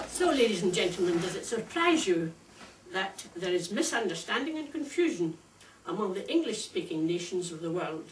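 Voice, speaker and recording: An older woman with a Scottish accent delivering a prepared, humorous speech at a speakers club in a wry, measured, deliberate way. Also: mid-range voice, big pitch swings. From Scotland. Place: club meeting room. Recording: echoey room, distant mic, faint hiss.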